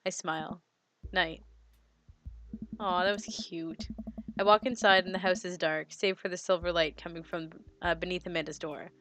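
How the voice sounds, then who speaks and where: A woman's voice: on the low side, fairly even intonation, moderate pace, fairly bright tone, slight background noise. A young woman streaming a dating game, reading its text aloud in a giggly way, often tripping over words and correcting herself. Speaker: gaming streamer.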